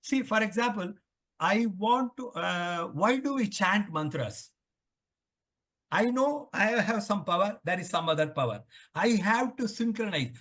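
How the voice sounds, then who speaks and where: An older man with an Indian English accent talks in a high voice, lecturing through a long interview answer. He repeats points and poses questions to himself as he explains. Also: expressive, measured pace, fairly bright tone. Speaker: author interviewed on the Vedas.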